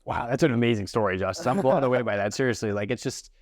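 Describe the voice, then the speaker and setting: A man hosting a podcast interview, encouraging, with quick interjections. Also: medium pitch, dry recording, clean studio sound. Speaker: podcast host. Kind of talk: interview conversation.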